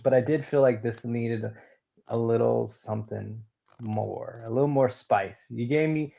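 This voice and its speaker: A man's voice: medium pitch, normal speed, gravelly, warm tone, lo-fi sound. A man co-hosting a podcast, talking casually and a bit roundabout, often laughing. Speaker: podcast co-host. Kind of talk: casual chat.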